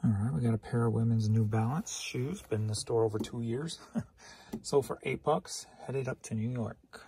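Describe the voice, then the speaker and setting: A man's voice: medium pitch, normal speed, warm tone, husky. A tired man rambling through a casual solo vlog about his sales, teasing himself and laughing to himself. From St. Louis, Missouri. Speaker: reseller vlogger.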